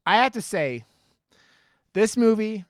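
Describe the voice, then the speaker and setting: A podcast co-host chatting casually at a middle pitch, rambling and swearing, with many "like"s and restarts. The recording is close and dry. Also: animated, slow pace, no room sound. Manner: rambling, profane, lots of likes and restarts. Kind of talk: casual chat.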